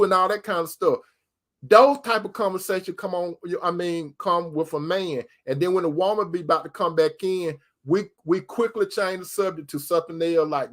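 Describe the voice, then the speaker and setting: A man's voice: high voice, fairly quick. A man, host of his own faith talk, speaking in a folksy way that repeats phrases and calls out to his brothers and sisters. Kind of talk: casual preaching talk to viewers.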